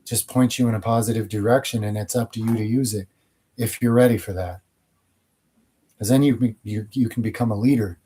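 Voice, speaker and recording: A man's voice: on the low side, dark tone, slight background noise. A man hosting his channel, answering viewer questions in a casual, rambling monologue with blunt opinions.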